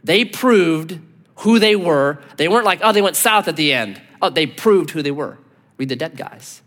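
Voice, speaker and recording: Animated pastor preaching in a reverberant hall. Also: male voice, fairly high pitch, moderate pace. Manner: animated storytelling, acting out quoted voices. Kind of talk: sermon. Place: church sanctuary.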